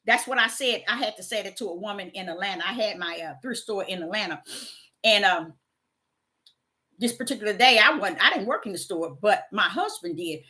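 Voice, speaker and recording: Fiery woman preacher, bright voice. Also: medium pitch, expressive, brisk. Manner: fiery preaching, swings from hushed to loud and emphatic. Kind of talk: sermon.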